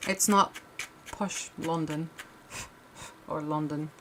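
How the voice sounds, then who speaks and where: Low-voiced woman chatting while she crafts. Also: fairly even intonation, slow pace, fairly bright tone, a little hiss or hum. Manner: rambling, with frequent restarts and fillers. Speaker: crafting livestream host. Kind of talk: casual chat while crafting.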